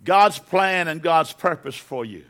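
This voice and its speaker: Gravelly high-voiced preacher, emphatic. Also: male voice, animated, measured pace, fairly bright tone. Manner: preaching with rising emphatic bursts, repeats words. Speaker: pastor. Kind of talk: sermon.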